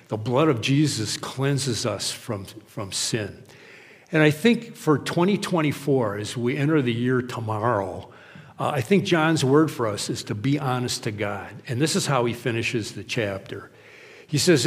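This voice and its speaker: A man preaches in an easy, conversational way, moving between stories and quoted voices. His pitch sits in an ordinary middle range, and a long reverb trails each phrase through a church sanctuary. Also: animated, measured pace. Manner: conversational and anecdotal, acting out quotes. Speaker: pastor. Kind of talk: sermon.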